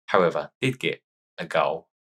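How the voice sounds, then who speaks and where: A man casually commentating his own football management game, chatty and excitable, with a sore nose after a sneezing fit. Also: very deep voice, moderate pace, slightly rough. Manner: chatty, excitable reacting to match play. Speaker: gaming YouTuber. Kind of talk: casual let's-play commentary.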